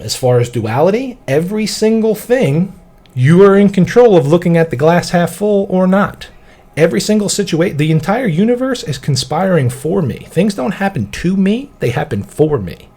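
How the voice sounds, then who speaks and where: A man hosting a podcast, telling a story in casual motivational chat, animated and swearing freely. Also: high voice, normal speed. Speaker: podcast host.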